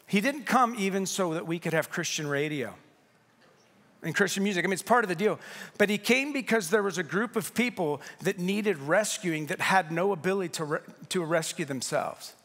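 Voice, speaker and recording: A middle-aged man, a pastor, preaching a sermon with animated, humorous storytelling in a church. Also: high-pitched, moderate pace. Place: church sanctuary. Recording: long hall reverb.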